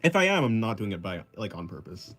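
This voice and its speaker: A young man talks through a drawing stream, answering comments in a loose, rambling way and laughing at his own slips. His voice is lively and swings widely in pitch. Soft music plays faintly behind him. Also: quick pace. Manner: rambling, self-deprecating, laughs often. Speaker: artist streaming while drawing. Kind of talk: casual chat reading viewer comments.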